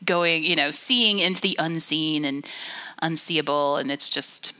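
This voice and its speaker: Bright-toned gushing woman co-host. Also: low voice, unhurried. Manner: enthusiastic, gushing. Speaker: podcast co-host. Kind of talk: casual chat.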